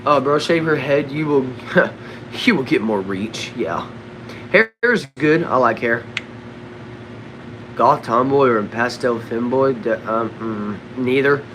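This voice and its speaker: A young man with a Southern accent from Texas, casually answering chat questions on a livestream in a relaxed, drawling way. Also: mid-range voice, takes it slowly, pauses often, background noise. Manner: laid-back, drawling, says bro and dude a lot. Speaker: livestream host reading chat. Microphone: desk microphone.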